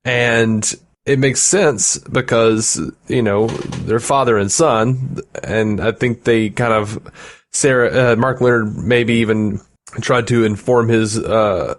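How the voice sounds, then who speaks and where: Male podcast co-host, mid-pitched, loose rambling delivery with laughs. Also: steady tone, slow. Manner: rambling, laughs often, many fillers. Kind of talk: casual chat.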